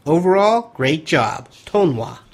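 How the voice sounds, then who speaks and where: A man's voice: fairly high pitch, sing-song, slow pace, breathy edge. A man hosting a podcast, chatting casually, laughing easily and reading out listener emails. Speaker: podcast host.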